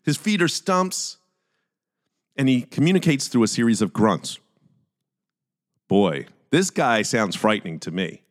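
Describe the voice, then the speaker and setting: A man's voice: mid-range voice, expressive, a little slow, pauses often. A man with a Philadelphia accent hosting a casual solo podcast, chatty and jokey with self-deprecating asides. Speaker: podcast host.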